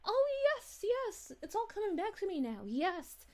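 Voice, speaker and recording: A sweet, bubbly space princess, voiced by a woman chats with her stream viewers in a high, soft voice. Her lines rise and fall in a lively sing-song and are full of little giggles. The tone stays gentle and friendly throughout. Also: a little slow, heavily acted. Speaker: VTuber streamer reading chat. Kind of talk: live-stream chat in character.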